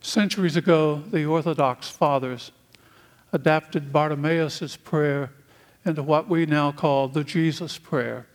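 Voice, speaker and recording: A man from the United States preaching a sermon, speaking in slow, deliberate phrases with long pauses. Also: a little high, steady tone.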